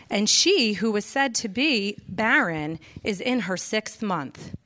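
A woman stands to read scripture before the sermon. She reads slowly and carefully, pausing between phrases. Her pitch is ordinary for a woman. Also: fairly bright tone. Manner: measured, careful reading aloud. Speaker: scripture reader. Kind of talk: scripture reading.

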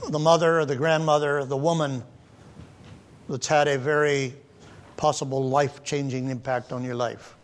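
A man's voice: medium pitch, little pitch movement, normal speed. A man in his seventies, a pastor, preaching a Mother's Day sermon in a folksy, conversational storytelling way. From United States. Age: 70s.

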